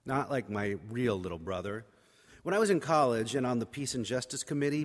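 A man preaching by telling a personal story in a wry, conversational, self-mocking way. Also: medium pitch. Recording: reverberant hall.

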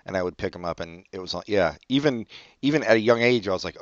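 A man's voice: fairly low pitch, expressive, fast talker, dry recording. A man co-hosting a casual podcast chat, laid-back and casually profane, asking questions. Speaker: podcast co-host. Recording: dull dry close-mic audio.

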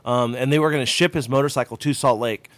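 A man co-hosting a casual motocross podcast, talking bluntly and getting loud when riled. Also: mid-range voice, steady tone, fast talker, no room sound. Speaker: podcast co-host. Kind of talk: casual chat.

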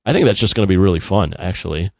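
Laid-back podcast host, dry close sound. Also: male voice, deep voice, very fast, gravelly, a little mellow, no echo. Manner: laid-back, laughs often, swears casually. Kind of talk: casual chat.

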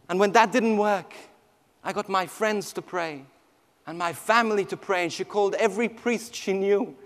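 A man, a priest, telling a personal testimony with emotional storytelling that swings from hushed to near shouting. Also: high voice, normal speed. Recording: long hall reverb.

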